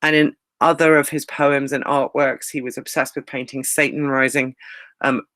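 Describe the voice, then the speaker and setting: A male English teacher giving a recorded lecture, explaining lively and reading lines of verse slowly. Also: mid-range voice, dry recording.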